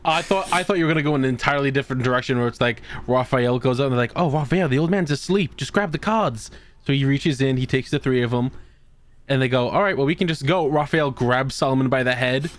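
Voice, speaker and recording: A man's voice: mid-range voice, fast, dry recording. A man co-hosting a podcast in casual comedic chat, swearing and spinning silly scenarios. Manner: animated, profane, storytelling. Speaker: podcast co-host.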